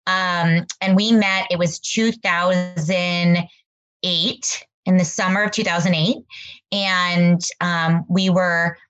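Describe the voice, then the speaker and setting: A woman's voice: on the low side, fairly even intonation, slow pace, fairly bright tone. A woman co-hosting a podcast, telling stories in a gushing, rambling way. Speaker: podcast co-host. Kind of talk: casual interview chat. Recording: slightly dull lo-fi audio.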